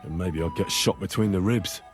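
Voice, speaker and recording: A man's voice: sits low, normal speed, soft background music, natural voice. An actor playing an earnest young man, plain-spoken with a dry, wry humor. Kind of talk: video game dialogue.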